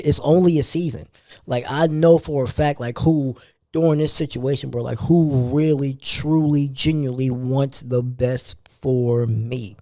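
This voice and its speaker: A man's voice: medium pitch, steady tone, unhurried, dark tone, no room sound, studio quality. A tired young man hosting a podcast, talking loosely in street slang. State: tired, yawning. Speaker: podcast host. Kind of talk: casual monologue.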